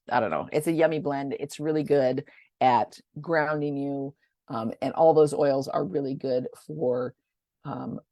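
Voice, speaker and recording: A woman's voice: a bass voice, darkish tone, no echo, studio quality. A woman presenting products in a casual, rambling rundown. She talks chattily and often stumbles over names. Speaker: essential oil presenter.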